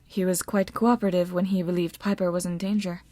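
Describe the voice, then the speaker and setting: A woman's voice: medium pitch, unhurried, dark tone, no echo, natural voice. Woman doing a bland, entranced assistant. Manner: bland, sleepwalking tone.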